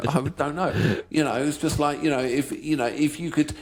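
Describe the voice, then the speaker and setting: A man's voice: a little high, normal speed. A man co-hosting a reaction video in casual, playful chat, humming tunes and speaking to the audience.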